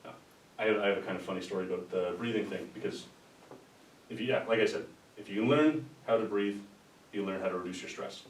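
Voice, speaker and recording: A man giving an informal, rambling lecture, talking conversationally with restarts and asides. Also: fast. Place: lecture room. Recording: roomy sound from a distant mic with faint rumble.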